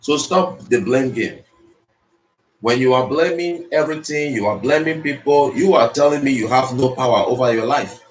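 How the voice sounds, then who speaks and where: Motivational speaker, man, mid-pitched, preachy and repetitive, in an echoey room. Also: normal speed. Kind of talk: motivational speech. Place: speaking to an audience in the Philippines. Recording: roomy echo.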